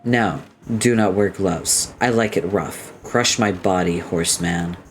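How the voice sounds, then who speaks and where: A blunt, deadpan young troll woman, read out by a man in a low, unhurried voice that drops each crude line flatly. Faint music plays underneath the reading. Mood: deadpan lewd. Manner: slow, flat, blunt lewd come-ons.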